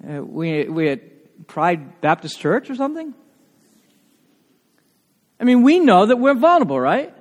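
Male pastor, sermon, high voice, very lively pitch, long hall reverb, emphatic asides. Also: measured pace, long pauses. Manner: animated, emphatic, with asides to the congregation.

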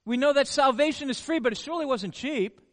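A man preaches with a strikingly high voice, driving his points home through repeated words and rhetorical questions. His voice rings out into a hall with a long reverb tail. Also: fast. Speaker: pastor. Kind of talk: sermon.

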